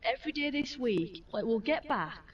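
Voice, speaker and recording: A young mother talks in a loose, sweary way and keeps acting out what people said to her. Her voice sits a little high. She sounds far from the microphone, and the sound is muffled and dull. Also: animated, normal speed. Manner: chatty, swears freely, acts out quoted exchanges. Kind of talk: casual chat.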